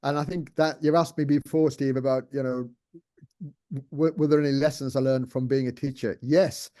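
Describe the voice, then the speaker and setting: A man's voice: mid-range voice, fairly even intonation, moderate pace, warm tone. An older man, a guest in an interview, talking casually and rambling with many restarts. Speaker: interview guest, former TV executive producer.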